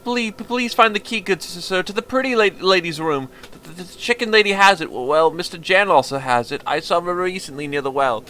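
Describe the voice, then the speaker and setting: A man voicing a timid young male violinist who stutters, apologizes and pleads in a meek, halting voice. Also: high-pitched, bright, forceful tone, slight background noise. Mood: nervous. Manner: meek and apologetic, keeps saying sir.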